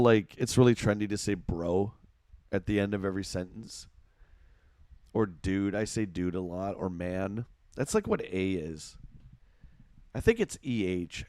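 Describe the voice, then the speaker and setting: A man's voice: lowish voice, darkish tone, no echo. Middle-aged Canadian male streamer, Ontario accent, chatty, dry close mic. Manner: chatty, reads chat aloud, reacts to gameplay. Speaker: game streamer. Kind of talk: casual live-stream chat.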